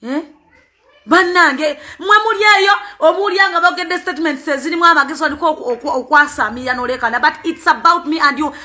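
Ugandan woman, mother, passionate plea; very high, bright voice; repeats words for emphasis. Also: quick pace. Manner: emphatic, repeats words, switches between two languages. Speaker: parent speaking out. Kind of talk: impassioned spoken appeal.

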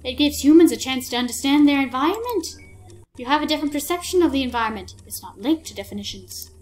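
Calm fatherly captain in a game, read by a woman, lowered voice, patient and explaining. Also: quick pace, a little hiss or hum.

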